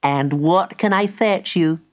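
A woman's voice: lowish voice, pitched above the performer's own voice. A woman playing a teasing jolly shopkeeper. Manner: slow, drawn-out, chuckling teasing. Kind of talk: storybook voice acting.

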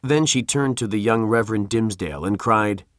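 Deep-voiced male storyteller. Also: moderate pace, no room sound, clean studio sound. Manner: steady storytelling. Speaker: narrator. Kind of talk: audiobook narration with character voices.

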